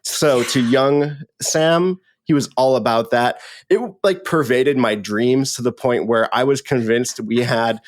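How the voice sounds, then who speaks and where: Candid male podcast co-host, mid-pitched, playful and conversational. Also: a little slow, hardly any pauses, slight background noise. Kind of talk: casual podcast chat.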